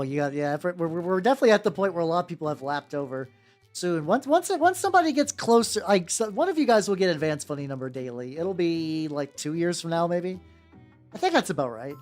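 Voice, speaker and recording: A man on a live stream rambles casually while he paints miniatures, his pitch swooping up and down as he talks. He restarts sentences a lot, swears freely and keeps greeting his viewers, with soft music playing faintly underneath.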